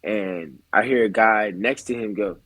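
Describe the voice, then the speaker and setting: A man's voice: on the low side, unhurried, fairly bright tone, no room sound, poor audio. A young adult man, a baseball player guest, telling stories in a laid-back way full of slang on a casual podcast.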